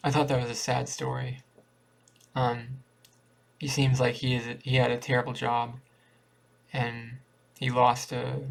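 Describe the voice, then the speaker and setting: A man reading a short story aloud in a plain, steady way with small restarts. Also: mid-range voice. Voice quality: creaky. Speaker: reader.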